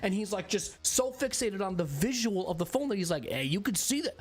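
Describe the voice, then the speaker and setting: Dude ranting to his stream chat, swears a ton, rambles, animated, some quiet music behind him. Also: sits high, a little fast. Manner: profane, rambling, animated storytelling. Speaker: game streamer.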